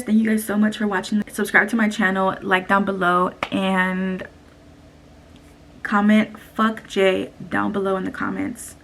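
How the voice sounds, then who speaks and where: Young woman venting with a gravelly voice. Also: mid-range voice, a bit bright, a little hiss or hum. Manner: blunt, profane and venting. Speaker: vlogger. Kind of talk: casual story time vlog. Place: home. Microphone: camera.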